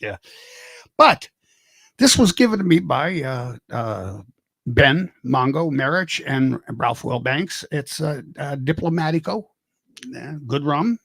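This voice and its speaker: A man's voice: fairly high pitch, creaky, fairly bright tone, no echo. An older man hosting a casual livestream, rambling, joking and greeting viewers by name. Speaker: livestream host.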